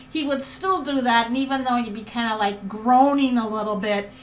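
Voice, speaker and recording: High-voiced, upbeat woman giving a lesson. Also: fairly bright tone, slight background noise. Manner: upbeat, enthusiastic, encouraging. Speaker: podcast host teaching leadership. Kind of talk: scripted motivational lesson.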